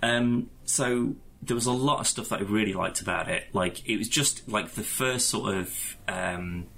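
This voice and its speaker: A man talking through a film in casual podcast chat. His voice is low-pitched but bright and forward, with a faint hiss of noise behind it. He rambles, swears and puts on quick mock voices. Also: vocal fry. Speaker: podcast co-host.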